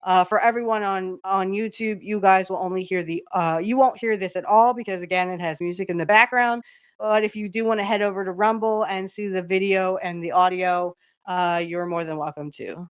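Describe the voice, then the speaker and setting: A woman's voice: mid-range voice, fairly even intonation, brisk, clear, resonant tone, dry recording, clean studio sound. A woman hosting a podcast in casual chat, rambling with many fillers and restarts. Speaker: podcast host.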